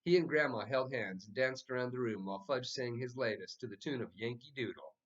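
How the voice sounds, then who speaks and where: A man reading a children's novel aloud as the narrator, with lively, expressive storytelling. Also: medium pitch, a little fast, dull audio. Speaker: audiobook narrator. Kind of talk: scripted narration.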